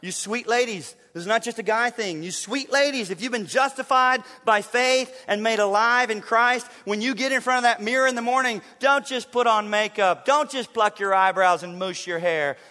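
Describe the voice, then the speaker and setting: A man preaching a sermon as pastor, emphatic and playful, swinging from loud declarations to hushed, drawn-out phrases. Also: very high-pitched. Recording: long church reverb.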